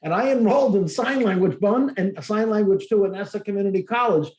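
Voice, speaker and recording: Expressive older-sounding male host, echoey room. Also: high voice, fairly quick. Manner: expressive, acts out quoted dialogue. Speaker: podcast host. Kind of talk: casual interview storytelling.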